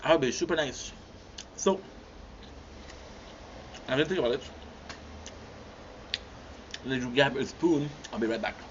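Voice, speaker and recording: A young man with a mid-range voice hosts a livestream, talking casually to viewers during a meal. He speaks at a measured pace and pauses often, stopping to chew and hum between bites in a relaxed, chatty way, all on dull lo-fi audio with a faint hum.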